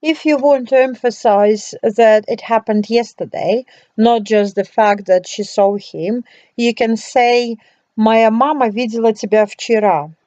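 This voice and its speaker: A woman teacher giving a scripted language lesson, speaking slowly and carefully. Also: a little high, mellow, muffled recording. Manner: slow, careful, deliberate delivery.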